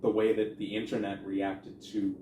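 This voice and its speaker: A man's voice: on the low side, flat delivery, normal speed, warm tone. Wry man in an echoey room. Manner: wry, sarcastic, laughs often. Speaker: podcast co-host. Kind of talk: casual movie chat. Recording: echoey room, faint noise.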